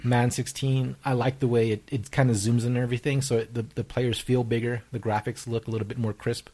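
A man's voice: medium pitch, level tone, fast, darkish tone. A man co-hosting a podcast, rambling casually with fillers and crude jokes. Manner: rambling, laughing, uses fillers. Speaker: podcast co-host.

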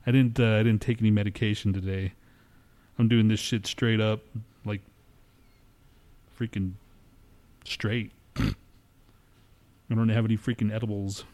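Male podcast co-host, profane, squeamish, shrill when objecting. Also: fairly even intonation, unhurried, long pauses, darkish tone. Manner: swears a lot, squeamish, pitch jumps high when protesting. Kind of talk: casual podcast banter.

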